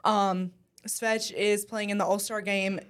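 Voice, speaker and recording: A woman's voice: medium pitch, flat delivery, unhurried. Chatty young woman co-hosting a talk show. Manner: chatty and enthusiastic, with frequent ums. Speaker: co-host at a news station. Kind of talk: casual chat.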